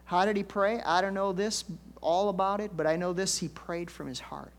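A man's voice: sits high, fairly even intonation, moderate pace. An older man, a pastor, preaching a conversational storytelling sermon with folksy asides and emphatic swells.

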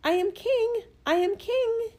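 A woman's voice: very high voice, slow pace, a little mellow, pitched above the performer's own voice. A woman voicing a tiny, cocky male bird with a piercing, piping voice. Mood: crowing triumph. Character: tiny boastful male wren, shrill and cocky.

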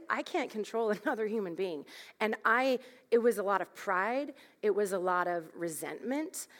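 A woman's voice: mid-range voice, a bit bright. A woman in her thirties telling a candid, self-deprecating parenting story as part of a sermon, laughing at herself as she goes. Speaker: speaker at a church gathering. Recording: long hall reverb.

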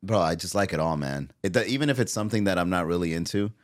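Male comedian guest, low-ish voice, loose rambling casual talk. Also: animated, fast talker. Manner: rambling with many fillers and restarts. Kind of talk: casual podcast chat.

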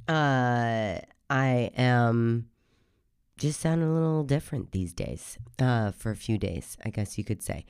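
Slow, hoarse woman host. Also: rumbling low, darkish tone, no room sound, clean studio sound. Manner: chatty, rambling asides. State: hoarse from a cold. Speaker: podcast host. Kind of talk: casual podcast intro monologue.

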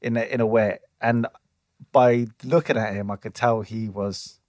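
A man's voice: mid-range voice, fairly even intonation, moderate pace, a little mellow, dry recording, clean studio sound. Rambling man telling a story. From England. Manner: rambling storyteller with many restarts and fillers. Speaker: podcast co-host. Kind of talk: casual chat.

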